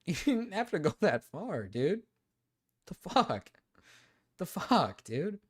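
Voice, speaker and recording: A man talking to his livestream chat in a loose, casual way. His pitch swings widely and lively as he goes, and he curses freely and keeps circling back to the same phrases. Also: slow, slightly rough. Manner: animated, repeats himself, swears freely. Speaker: streamer reacting to chat.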